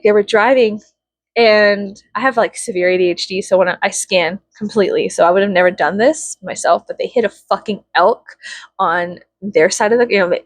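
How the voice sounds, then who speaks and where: Woman, casual storytime, swears a lot, laughs a lot, mid pitch, dry sound. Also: no room sound. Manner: chatty, profane, laughs often, dramatic.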